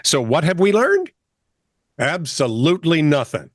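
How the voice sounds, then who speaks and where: A man's voice: a little high, very animated, unhurried, dry recording, studio quality. A man co-hosting a comedy news podcast, reading headlines in a chatty way and laughing often. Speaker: co-host. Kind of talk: casual news banter.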